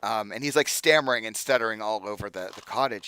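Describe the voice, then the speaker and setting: A man's voice: fairly low pitch, quick pace, hardly any pauses, pushed and bright, clear, resonant tone, dry recording. A young man narrating as game master, casual and loose, packing his talk with fillers. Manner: casual, filler-heavy with constant "like".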